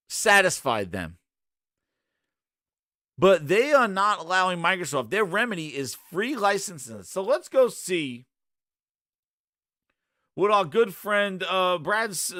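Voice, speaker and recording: A man's voice: high voice, pushed and bright, no echo, clean studio sound. A man hosting a gaming show, ranting with sarcasm and exasperation in casual commentary.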